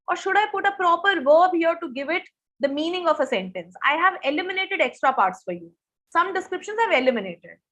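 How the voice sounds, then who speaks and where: Brief: high-pitched young woman, online SAT grammar teacher who quizzes her class. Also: expressive, fairly quick, a bit bright. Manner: asks students questions, reads answers from chat. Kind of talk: live online grammar lesson.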